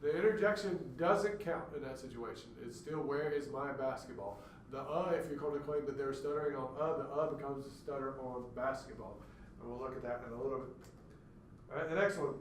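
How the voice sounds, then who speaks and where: A man's voice: medium pitch, brisk, a little hiss or hum. A man giving a classroom lecture, explaining step by step and acting out stuttered words to demonstrate. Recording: echoey room, mic far off.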